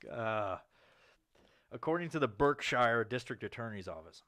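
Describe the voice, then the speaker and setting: Here a male podcast co-host reads the news aloud in easygoing banter, often laughing, swearing freely and putting on squeaky voices. His intonation is lively and his speed normal, with a fairly bright tone, no echo and clean studio sound.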